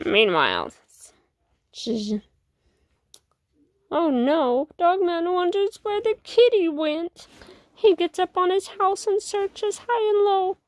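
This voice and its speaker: A woman narrating a children's read-along storybook in an unhurried, animated way. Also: very high voice, dry recording, studio quality.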